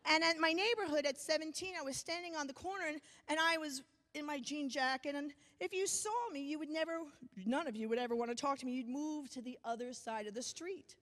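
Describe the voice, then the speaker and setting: A woman from New York giving a motivational speech, telling a personal story with comic timing and dramatic pauses. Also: high-pitched, fairly bright tone. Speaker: motivational speaker. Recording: long hall reverb.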